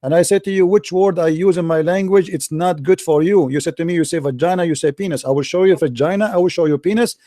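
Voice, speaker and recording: High-voiced guy arguing hard, keeps pushing yes or no, dark dry sound. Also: quick pace, few pauses, no room sound. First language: Arabic. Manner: insistent, repeats yes-or-no demands. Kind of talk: heated online debate.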